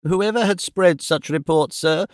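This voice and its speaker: A man's voice: fairly high pitch, brisk, gravelly, fairly bright tone, no room sound, clean studio sound. A man voicing a flustered, easily offended genteel mother in an audiobook reading. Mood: indignant. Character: flustered genteel middle-aged mother, indignant.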